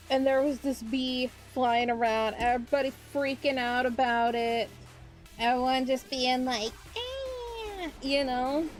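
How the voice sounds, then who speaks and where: Chatty young woman, rambling anecdotes. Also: a little high. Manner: rambling anecdotes with fillers and voiced quotes. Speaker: VTuber streamer. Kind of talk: casual chat while drawing.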